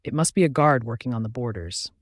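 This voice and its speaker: A man narrating a first-person fantasy audiobook in a reflective, measured reading. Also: mid-range voice, animated, no room sound, clean studio sound.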